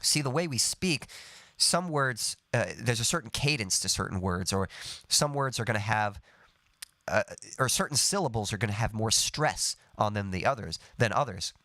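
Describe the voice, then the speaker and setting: A man's voice: lowish voice, expressive, normal speed, sharp tone, no echo. Male songwriting coach, live-stream lesson, patient, hums examples, dry close mic. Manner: explains patiently, hums and sings short melody snippets.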